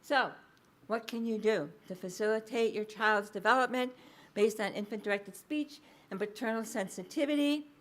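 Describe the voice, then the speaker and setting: Lively woman lecturing, slightly high voice. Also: moderate pace. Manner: lively anecdotal storytelling, acting out quoted speech; explanatory, with frequent ums and uhs. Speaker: researcher giving a public lecture. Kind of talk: public lecture.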